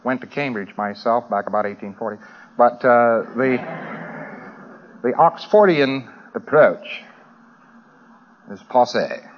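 A man's voice: mid-range voice, animated, slow pace, pauses often, a little hiss or hum. An American man giving a humorous talk to a live audience, rambling with dry asides. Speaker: lecturer. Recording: dull lo-fi old recording.

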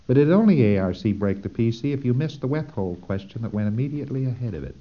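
A man's voice: medium pitch, expressive, fast talker. A man giving a technical lecture, explaining step by step with dry humor and acting out short examples, on a dull lo-fi tape recording.

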